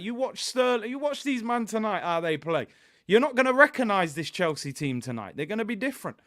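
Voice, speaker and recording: A man with a London accent hosting a casual live watch-along, chatting in an animated way and reading out viewer comments. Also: sits high, brisk, dry recording, studio quality. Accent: London English. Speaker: host.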